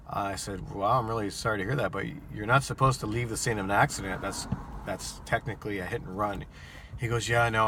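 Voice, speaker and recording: A man's voice: lowish voice, pushed and bright, a little hiss or hum. A man who drives for a rideshare service, telling a story to camera in a casual, rambling way with many ums and repeated words.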